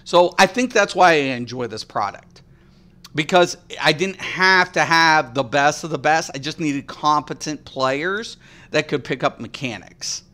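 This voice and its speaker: A man's voice: on the high side, a little slow, bright, forceful tone. A man streaming a game and ranting bluntly and profanely to his chat about how raids used to work. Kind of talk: casual live-stream rant.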